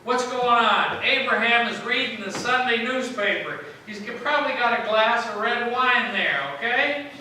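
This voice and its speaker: A male pastor with a high, very bright and forceful voice delivers a sermon, chatting and joking with the congregation and quizzing them as he goes. He sounds far from the mic, and his words ring around a very echoey church. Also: normal speed, slight background noise. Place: church sanctuary.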